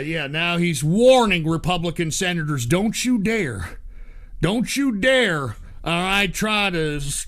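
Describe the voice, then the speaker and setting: Male streamer, high bright voice, furious profane ranting. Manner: profane, heated and mocking, reads viewer donations aloud. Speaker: livestream host. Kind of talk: angry political rant.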